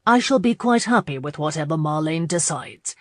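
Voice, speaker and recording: A weary young gentleman read by a woman in her own lowish voice, polite and restrained. The delivery is close and dry, with little put on. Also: expressive, moderate pace, dry recording.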